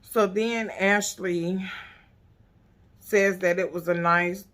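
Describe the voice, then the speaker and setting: A woman's voice: fairly low pitch, steady tone, slow, fairly bright tone. A woman recapping a reality show episode for her channel, with casual profane and sassy storytelling. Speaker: YouTube recap host.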